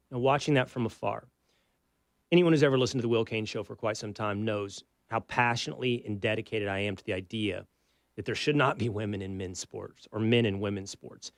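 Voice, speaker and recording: A man's voice: medium pitch, no room sound, studio quality. A man with a Texas accent hosting a talk radio show, speaking in an emphatic, conversational monologue full of rhetorical questions.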